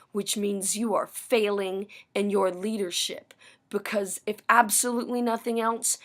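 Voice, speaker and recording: A woman's voice: mid-range voice, fairly bright tone. A woman ranting to camera in a personal vlog, bitter and sarcastic, swearing often. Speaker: vlogger. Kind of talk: angry personal rant.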